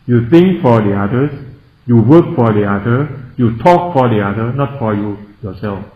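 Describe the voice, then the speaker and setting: A Buddhist monk from Thailand with a Thai accent, giving a Dhamma talk in simple broken English and often asking the listeners if they follow. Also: male voice, medium pitch, moderate pace. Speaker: Buddhist monk teaching meditators. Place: meditation centre hall. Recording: echoey, dull lo-fi room recording.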